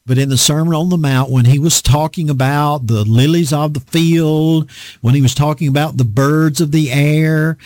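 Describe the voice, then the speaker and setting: A man's voice: fairly high pitch, fairly even intonation, normal speed, darkish tone, no room sound. A man with a Southern US accent preaching a sermon in a folksy, storytelling way, rambling with fillers. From American South.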